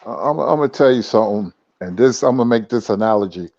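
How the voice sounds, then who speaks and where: Man, guest, relaxed storyteller, mellow voice, dull lo-fi sound. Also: fairly low pitch, quick pace, creaky, no room sound. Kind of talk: casual conversation.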